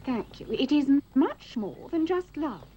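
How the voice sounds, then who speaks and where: A woman's voice: high-pitched, sing-song, unhurried, mellow. An actress playing a gushing, sentimental genteel lady in a period film, full of romantic enthusiasm. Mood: rapturous. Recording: slightly dull film soundtrack with faint noise.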